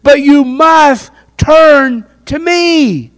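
A man preaches an impassioned sermon in a very high-pitched voice with a fairly bright tone, drawing out his words. He keeps quizzing his listeners, asking the crowd questions.

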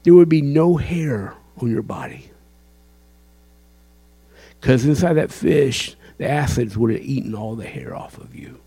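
A man's voice: mid-range voice, animated, unhurried, long pauses, dark tone, breathy edge. A man preaching a sermon, impassioned and quizzing his listeners with questions. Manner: impassioned, asks the crowd questions.

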